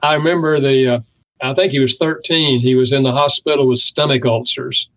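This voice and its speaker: Older male author explaining calmly. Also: medium pitch, fairly quick, lo-fi sound. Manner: warm storytelling, acts out quoted lines with a lifted voice. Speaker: author and speaker, interview guest. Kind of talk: explaining in an interview.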